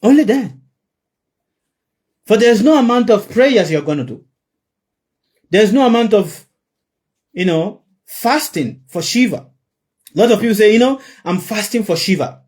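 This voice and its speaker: A man's voice: sits high, animated, unhurried, pauses often, a little mellow, slightly rough. A man giving an emphatic spiritual sermon to a live audience, repeating his key phrases for effect. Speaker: spiritual teacher.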